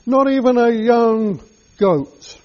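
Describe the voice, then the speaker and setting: A man's voice: very high voice, takes it slowly, darkish tone. A man voicing a resentful grown elder son who bitterly repeats his accusations, in a dull lo-fi recording.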